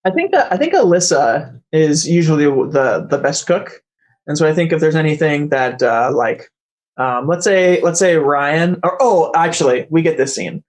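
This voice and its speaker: A man narrating as game master, halting with many fillers and restarts. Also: fairly high pitch, lively intonation.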